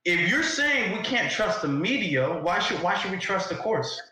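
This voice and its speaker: A man's voice: sits high, sing-song, normal speed, bright, forceful tone, heavy reverb, low-quality recording. A man hosting a live debate, pressing his points and firing repeated questions. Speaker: live stream host. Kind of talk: heated debate.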